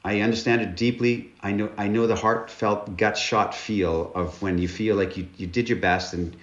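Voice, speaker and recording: A man's voice: lowish voice, steady tone, moderate pace. A man, a guest author, telling stories candidly and earnestly in an interview. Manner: earnest, candid, with repeated words. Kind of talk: conversational interview storytelling. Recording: roomy, dull-sounding recording.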